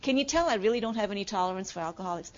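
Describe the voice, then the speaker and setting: A woman's voice: medium pitch, lively intonation, very fast, darkish tone, highs cut off. A middle-aged woman giving a classroom lecture as a nursing instructor, talking conversationally, asking the class questions and saying "okay" often.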